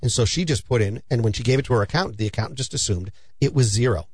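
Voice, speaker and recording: A man's voice: medium pitch, fast, husky, no room sound. Earnest, dry-voiced male financial advisor. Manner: earnest, persuasive, storytelling. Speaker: financial advisor hosting a radio show. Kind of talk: conversational advice talk.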